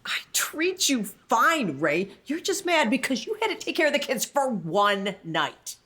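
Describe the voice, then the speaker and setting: A fed-up, sarcastic sitcom wife. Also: female voice, on the high side, very animated, a bit bright. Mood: dismissive. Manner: scolding, sarcastic, quick retorts. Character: exasperated wife fed up with her husband. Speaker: actor in a reunion table read. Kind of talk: sitcom table read. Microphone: video call.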